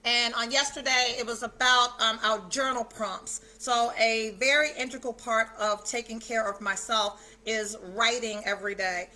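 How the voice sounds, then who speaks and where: Lady doing a self care livestream at home, chatty and gushing, loud hellos to everyone, sharp bright voice. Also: on the high side, steady tone, moderate pace, few pauses. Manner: effusive, greets viewers by name; chatty, with loose swearing. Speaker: self-care challenge host. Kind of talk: casual livestream chat. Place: at home, indoors.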